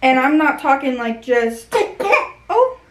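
Young woman, mother, heartfelt vlog talk, higher-pitched, roomy echo. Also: sing-song. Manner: earnest and heartfelt, with many pauses and fillers. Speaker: mother sharing her baby's story. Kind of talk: personal vlog talking to camera. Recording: echoey room.

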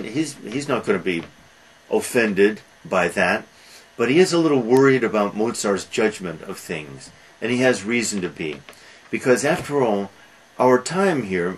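A man lecturing about a film, talking haltingly with frequent restarts and fillers. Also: on the low side, slightly rough, rough recording.

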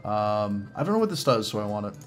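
A man's voice: lowish voice, sing-song, fast, soft background music. A young man with a Boston accent, joking sarcastically through gaming commentary. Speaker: gamer.

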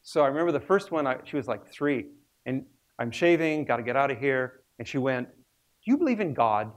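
A man's voice: mid-range voice, fairly quick. A man in his sixties, a research biologist, giving a public lecture with humorous storytelling.

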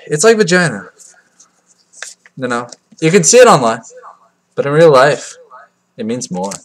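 A man doing crude, excitable unboxing commentary into a cheap computer mic, swinging from loud yelps to low mumbling and mocking himself. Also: unhurried, slight background noise. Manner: crude, joking self-mockery. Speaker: card unboxing vlogger. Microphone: cheap computer mic that cuts out.

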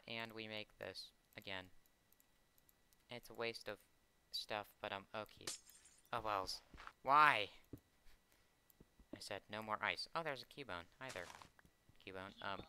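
A man chats his way through a video game session with a strikingly bright, cutting tone. He rambles and hesitates, trailing off mid-thought and perking up at small finds. A faint noise sits under his voice. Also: fairly low pitch, slow pace, pauses often. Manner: rambling and hesitant, full of "um" and "oh", easily delighted. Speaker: gaming channel host. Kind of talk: casual gameplay commentary.

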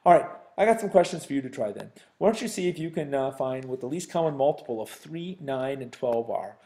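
A man with a mid-range, warm voice teaches a recorded sixth-grade math lesson, brisk and animated. He talks straight to his students in a chatty way, cracking jokes as he goes.

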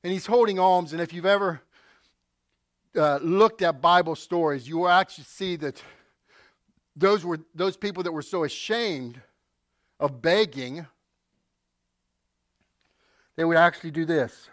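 A man's voice: a little high, a little slow, long pauses, fairly bright tone, no echo, studio quality. A male pastor preaching a sermon, telling stories and acting out quotes with asides to the congregation.

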